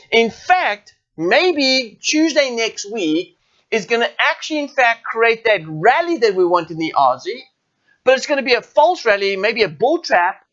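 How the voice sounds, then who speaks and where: Through dull audio comes a very high, somewhat bright male voice: a South African forex trading educator leading a live chart session. He keeps the webinar walkthrough informal and checks in with viewers often.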